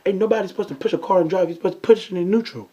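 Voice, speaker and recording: A young man playing a helpful young guy who takes charge and explains the obvious in a matter-of-fact way. His voice sits a touch higher than the narrator's. The audio is dull and lo-fi. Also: rapid-fire, mellow, breathy edge. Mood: explaining.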